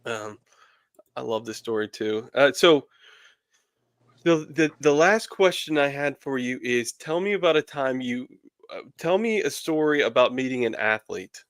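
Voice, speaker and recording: A man's voice: medium pitch, lively intonation, unhurried, fairly bright tone, no echo, studio quality. A man hosting a casual interview, reacting with encouragement and asking questions. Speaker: interview host.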